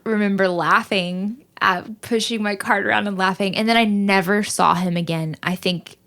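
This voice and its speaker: A woman co-hosting a podcast, telling stories in lively casual chat, laughing often and acting out what people said. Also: medium pitch, normal speed. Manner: animated storytelling, laughs often, quotes people in dialogue. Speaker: podcast co-host.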